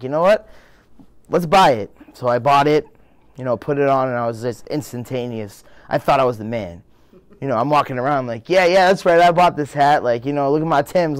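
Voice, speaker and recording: A man's voice: medium pitch, clean tone, no echo. Rambling young man with a Boston accent. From Boston area. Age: 20s. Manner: rambling, full of "like" and "you know", acts out his own lines. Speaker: interviewee. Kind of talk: casual storytelling.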